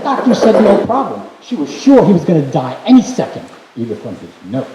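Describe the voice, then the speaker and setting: A man telling a story on stage at a live event, animated and theatrical. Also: a little high, reverberant, noisy background.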